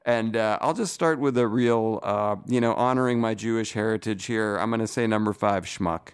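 A man's voice: on the low side, moderate pace, clear, resonant tone. Laughing man hosting a podcast. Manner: laughs often, steers the conversation. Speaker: podcast host. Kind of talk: casual podcast chat.

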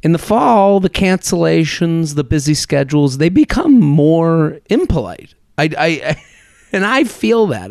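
A man's voice: a little high, very animated, measured pace, gravelly, a little mellow, dry recording, studio quality. A man in his thirties hosting a solo podcast, talking in a chatty, rambling, self-deprecating way. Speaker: podcast host.

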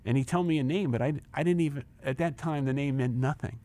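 This interview guest, a man in his sixties who once ran a company, talks fast at a medium pitch. He tells a personal anecdote energetically, acting out conversations and repeating words when carried away.

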